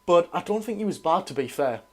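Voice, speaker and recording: A man's voice: high voice, animated, fairly quick, darkish tone, husky. A man with a Geordie accent hosting a live football watch-along, giving chatty commentary, correcting himself and greeting viewers.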